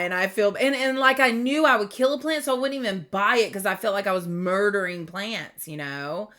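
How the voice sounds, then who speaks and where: A middle-aged woman giving a rambling spiritual tarot reading, gentle and full of fillers and restarts. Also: medium pitch, animated, a little slow. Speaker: tarot reader.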